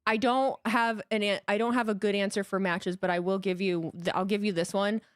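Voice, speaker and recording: A woman's voice: mid-range voice, fairly even intonation, fairly quick, clear, resonant tone, no echo, studio quality. A woman co-hosting a podcast in casual chat, blunt and profane, laying out advice step by step. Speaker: podcast co-host.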